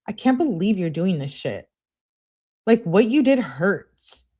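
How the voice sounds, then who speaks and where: A woman's voice: medium pitch, big pitch swings, unhurried, mellow, husky, pitched above the performer's own voice. A woman reading aloud the text messages of a young woman who pleads with and demands things of her boyfriend, in a raised, insistent tone.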